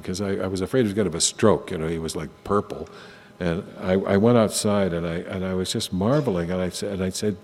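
An older man telling personal stories to an audience in a conversational way, often halting and restarting his sentences. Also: sits low, a little mellow. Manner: halting, with frequent restarts and asides. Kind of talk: conversational storytelling talk. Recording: long hall reverb, faint hum.

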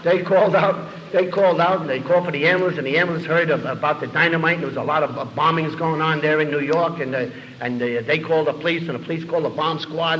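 An older man tells his recovery story to an audience, rambling with repeated words and fillers while acting out the dialogue. His voice is on the high side and a bit bright, though the highs are cut off. Faint room noise fills the echoey hall.

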